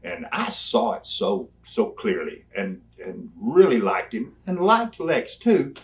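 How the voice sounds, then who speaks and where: An older man, telling animated, folksy stories as an interview guest and laughing along the way. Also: lowish voice, slow, a little hiss or hum. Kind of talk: storytelling in a sit-down interview.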